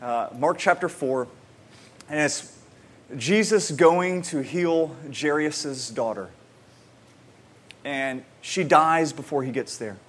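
A pastor with a medium-pitched voice preaches a conversational sermon, repeating words as he begins sentences. He moves between excited emphasis and quiet, slow reflection.

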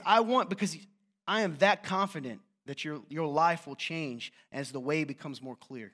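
A man preaching a sermon to a room as a youth pastor, passionate and animated, with joking, self-mocking asides. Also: a little high, moderate pace. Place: church hall with an audience.

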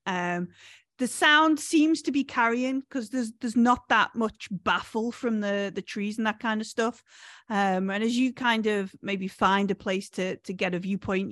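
A woman's voice: mid-range voice, a bit bright, no echo. Woman game master, hesitant delivery, dry close sound. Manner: hesitant, many fillers and restarts. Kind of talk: narrating a tabletop game.

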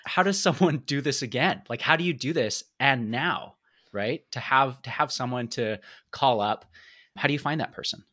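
A man hosting a casual chat, his voice bright and forward. He circles around his questions, rephrasing as he goes. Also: medium pitch, moderate pace. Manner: rambling, searching questions. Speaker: host. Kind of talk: casual interview.

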